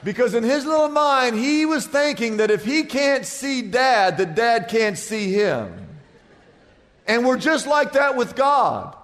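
A man's voice: very high voice, big pitch swings, takes it slowly, a bit bright, big-room sound. A male pastor preaching a sermon, telling jokes and stories and quizzing the congregation. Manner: jokey storytelling, quizzing the congregation.

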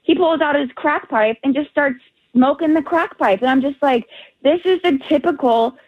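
A woman's voice: high voice, normal speed, no echo. A woman correspondent speaking on a radio show over the phone, emphatic and indignant. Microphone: phone line. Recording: tinny phone line.

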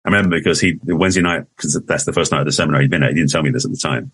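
Deep fast-talking English man. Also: a bit bright, breathy edge, no echo. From England. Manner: rambling, restarts often, laughs easily. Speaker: guest. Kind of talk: casual interview conversation.

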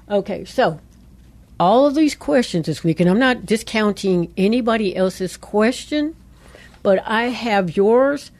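A middle-aged woman co-hosting a call-in radio show, telling a personal testimony with lively storytelling and quoted voices. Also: fairly low pitch. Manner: animated storyteller, quoting voices she heard. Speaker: pastor's wife and co-host.

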